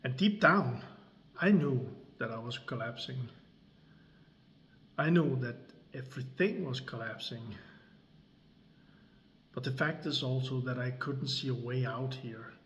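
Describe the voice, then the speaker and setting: A man, telling a personal story slowly and deliberately, with long pauses between phrases. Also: mid-range voice, fairly bright tone. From Denmark. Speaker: creator and coach. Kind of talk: slow dramatic storytelling.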